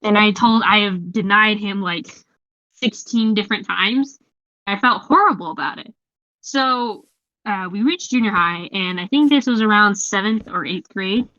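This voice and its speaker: A young woman hosting a casual gaming chat, telling a story in an animated, giggly way. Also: medium pitch, a little slow, dry recording. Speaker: host. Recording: lo-fi muffled mic.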